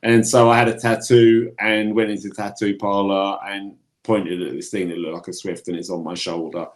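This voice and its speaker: A man's voice: on the low side, little pitch movement, moderate pace. A middle-aged man co-hosting a gardening podcast, chatting casually in rambling, self-interrupting sentences. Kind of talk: casual chat.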